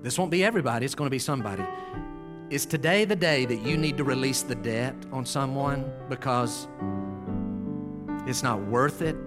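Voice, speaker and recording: A man's voice: medium pitch, moderate pace, over music. Earnest preaching pastor, a man. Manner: earnest, pleading, rises to urgent exhortation then drops to hushed prayer tone. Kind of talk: sermon.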